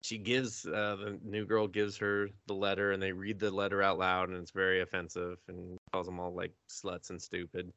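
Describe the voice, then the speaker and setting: A man co-hosting a podcast, casually retelling an anime episode with swearing, laughter and quick acted-out voices. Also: low-pitched. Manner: animated storytelling with swearing and laughter, acting out characters. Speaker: podcast co-host.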